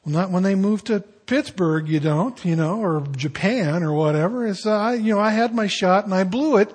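Husky older man preaching candidly. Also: high voice. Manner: candid, confessional, drops into quiet reflective tones. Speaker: pastor. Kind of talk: sermon.

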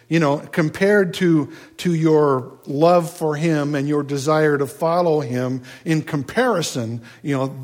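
A man preaching a sermon in a conversational, folksy way, with asides and rhetorical questions. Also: fairly high pitch. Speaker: pastor.

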